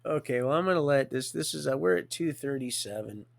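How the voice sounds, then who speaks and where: A man hosting a livestream, rambling through a religious monologue, swinging from hushed to loud and laughing often. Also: medium pitch, expressive, brisk, creaky, no room sound. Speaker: livestream host.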